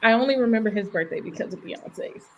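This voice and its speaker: Female podcast host, playful teasing banter, slightly high. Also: fast talker, dull audio, background noise.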